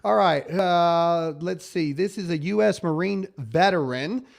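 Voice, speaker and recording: A man's voice: high voice, measured pace, creaky. A man hosting a casual talk show, emphatic and pleading, often stammering and repeating himself. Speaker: show host.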